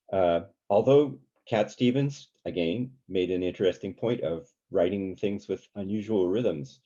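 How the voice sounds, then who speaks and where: A man's voice: low-pitched, unhurried, hardly any pauses, warm tone. A man leading an informal songwriting workshop, talking casually with many fillers and breaking into sung examples. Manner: chatty, many fillers, sings and hums examples. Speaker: songwriting teacher. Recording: dull lo-fi sound.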